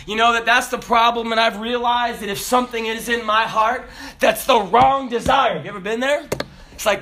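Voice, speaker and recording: A man preaching a sermon, telling stories with laughter in an animated, lively way. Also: very high voice, normal speed, slight background noise. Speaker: pastor.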